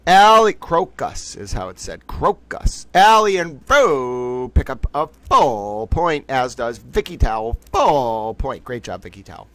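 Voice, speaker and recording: A man's voice: medium pitch, sing-song, a little slow, few pauses, fairly bright tone, no echo, poor audio. A man hosting a casual livestream trivia game, reading out questions and making playfully indignant, rambling asides.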